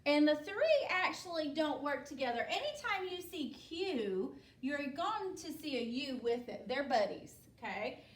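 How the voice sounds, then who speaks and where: Her voice is high and sing-song, and she moves a little slowly through a spelling lesson. As a patient teacher, she pauses after each step to ask "okay?", heard from a distance in a reverberant room.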